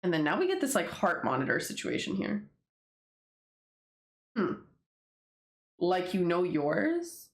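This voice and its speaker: A fairly low-voiced woman rambles through her own comic, dropping swear words and quick laughs between panels. Her voice rings in a roomy, echoey space. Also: big pitch swings. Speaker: webtoon creator. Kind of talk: casual commentary reading a comic. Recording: roomy echo.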